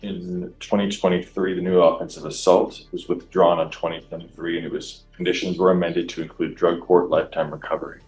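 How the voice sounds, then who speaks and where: A man working as a lawyer, questioning a defendant in court briskly. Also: deep voice, level tone, a little mellow, echoey room, faint music behind, poor audio.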